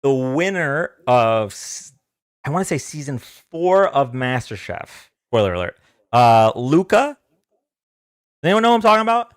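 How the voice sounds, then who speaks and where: A man's voice: mid-range voice, big pitch swings, normal speed, smooth, no echo, clean studio sound. Hesitant man hosting a live stream. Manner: hesitant, many fillers and restarts. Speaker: debate stream host. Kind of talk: casual live-stream talk.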